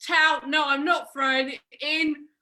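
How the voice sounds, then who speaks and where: A woman's voice: high-pitched, little pitch movement, normal speed, bright, forceful tone. A woman playing a brash blind boxing coach. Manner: barks boxing patter and count-downs, calls everyone mate. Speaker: improv performer. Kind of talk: improvised comedy sketch.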